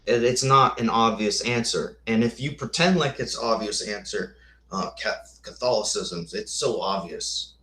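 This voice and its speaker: A man's voice: mid-range voice, moderate pace, pushed and bright. Guy giving a chatty lecture, asks lots of questions, kinda echoey room. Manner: thinking aloud, with restarts and rhetorical questions. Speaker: host. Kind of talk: casual lecture with slides, answering chat comments.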